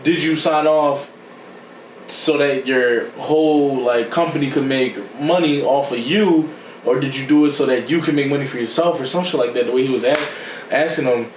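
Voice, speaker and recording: A man co-hosting a podcast, telling a story in casual chat and acting out what others said with sudden jumps in pitch. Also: normal speed, roomy sound, far from the mic, a little hiss or hum, low-quality recording. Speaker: podcast co-host.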